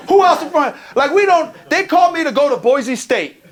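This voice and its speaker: A man from California giving a motivational keynote, energetic and profane, joking with the crowd in a conference hall. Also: very high voice, brisk. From Pomona, California. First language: Tongan. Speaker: keynote speaker.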